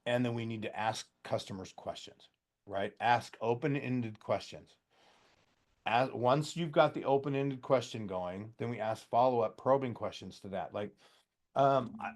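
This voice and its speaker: A man with a middle-pitched voice gives a relaxed, folksy training talk to contractors. He chats loosely and acts out customer dialogue as he goes. A slight cough hangs on his voice. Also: measured pace. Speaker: trainer for heat pump contractors.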